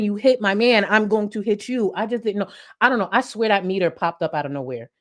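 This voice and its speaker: Her voice sits on the lower side as this young commentary-channel host spins a profane, energetic story, chatting casually while alternating between loud bursts and hushed tones.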